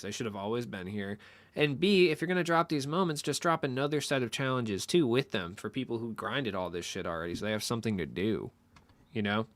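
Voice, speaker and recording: A man's voice: medium pitch, a bit bright, dry recording. A young man chatting casually with his stream viewers in a loose, rambling, profane way.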